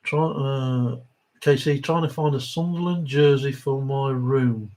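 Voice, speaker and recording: A man's voice: medium pitch, measured pace, darkish tone, poor audio. A middle-aged man hosting a live Q&A stream, chatting casually and reading viewer comments aloud.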